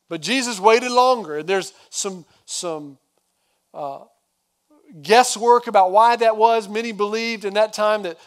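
A male pastor giving a sermon, retelling the story in a casual, conversational way with quick asides. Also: high-pitched, clear, resonant tone.

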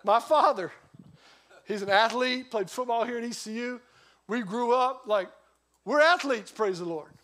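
Pastor, man in his forties, fairly high voice, animated storytelling sermon. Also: unhurried. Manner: lively storytelling, voice rising and dropping sharply.

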